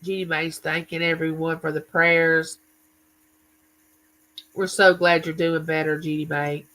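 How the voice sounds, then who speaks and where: Male livestream host, bright and forceful, loose chatty storyteller who greets his chat. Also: on the high side, little pitch movement, unhurried, low-quality recording. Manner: chatty, tells stories and greets viewers by name.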